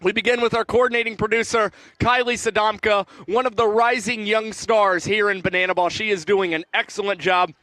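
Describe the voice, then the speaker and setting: A young man commentating a baseball broadcast, chatting casually and rattling off crew shout-outs while sweating from hot sauce. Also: high-pitched, steady tone, a little fast, hardly any pauses, no room sound, rough recording.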